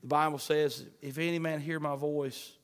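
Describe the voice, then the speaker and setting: A man preaching a sermon, fervent, swinging between shouts and hushed pleading. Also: a little high, flat delivery, normal speed, clean tone. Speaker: pastor. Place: church sanctuary. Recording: long hall reverb.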